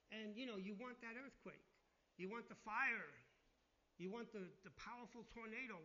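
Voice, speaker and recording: A man's voice: sits high, brisk, pushed and bright, dull audio. A man preaching a sermon, reading scripture aloud with rising emphasis and then explaining it in a conversational way.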